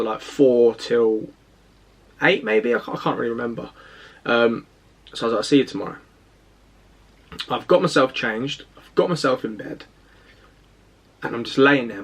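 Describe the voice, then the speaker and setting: A man's voice: medium pitch, fairly bright tone, slightly rough. A young man, casually recounting a personal story to camera in a rambling, self-deprecating way. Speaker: fitness vlogger.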